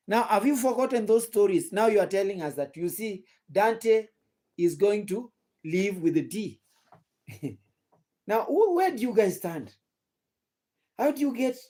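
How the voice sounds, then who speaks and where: A young Kenyan man talks through gossip on a casual live stream, throwing rhetorical questions at his viewers and saying the same points twice. His voice sits a little high but sounds soft and warm. He is sleepy and yawning. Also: sing-song, unhurried, long pauses. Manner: rhetorical questions to the audience, repetitive. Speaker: gossip channel host.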